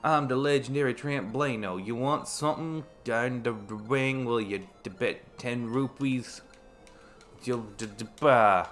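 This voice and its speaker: A man voicing a boastful gambler character from a video game, with slow, drawn-out, stuttering bluster. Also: mid-range voice, fairly bright tone, faint music behind, voice pushed up, natural voice.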